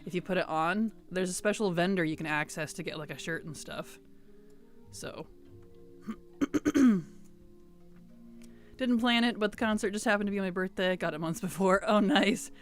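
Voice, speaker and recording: Faint music plays behind a woman with a lowish voice who streams a game at a normal speed, pausing often. She chats loosely with viewers, reading their messages out loud and replying.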